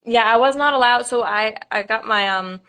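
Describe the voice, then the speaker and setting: A woman's voice: a little high, normal speed, fairly bright tone. Young woman, chatty with nervous laughter. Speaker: pageant contestant. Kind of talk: live-stream Q&A.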